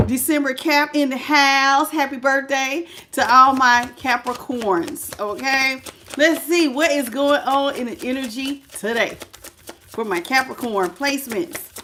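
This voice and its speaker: A middle-aged woman speaks in a fairly high voice as she runs a casual tarot livestream. She greets viewers by name, calls them baby, and shifts into prayerful invocations before drawing cards. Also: sharp tone, slight background noise. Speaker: tarot reader.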